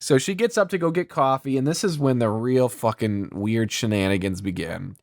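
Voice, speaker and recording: A man's voice: mid-range voice, normal speed, no echo, clean studio sound. A man co-hosting a podcast, giving a loose, profane summary of a film's plot. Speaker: podcast co-host. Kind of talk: casual movie recap chat.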